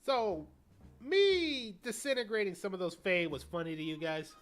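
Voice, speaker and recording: A man's voice: high voice, lively intonation, moderate pace. A man streaming a game, chatting casually and cracking jokes while he reads dialogue aloud. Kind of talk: casual game playthrough chat.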